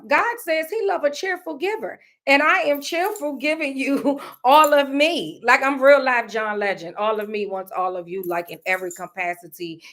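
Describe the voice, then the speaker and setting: A woman's voice: medium pitch, fairly bright tone. A woman, talking to her viewers in a casual, reflective way about faith and feelings, often repeating her phrases. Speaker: vlogger. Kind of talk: casual personal vlog talk. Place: indoors at home.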